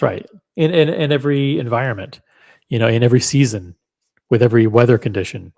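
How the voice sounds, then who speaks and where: A man's voice: mid-range voice, brisk, gravelly, darkish tone. A man hosting a casual livestream, talking straight to viewers in an upbeat way. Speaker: livestream host.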